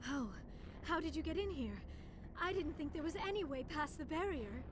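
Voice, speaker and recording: A woman's voice: high voice, expressive, normal speed, a crowd in the background. An actress voicing a polite, earnest young female alien scientist in video game dialogue. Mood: relieved. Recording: echoey game audio with background noise.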